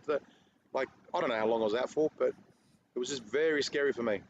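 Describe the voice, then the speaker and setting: A man's voice: medium pitch, fast talker. Man on a muffled line. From Australia. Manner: rambling storytelling with restarts. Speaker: guest car detailer. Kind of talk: casual podcast chat. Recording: muffled lo-fi audio with faint noise.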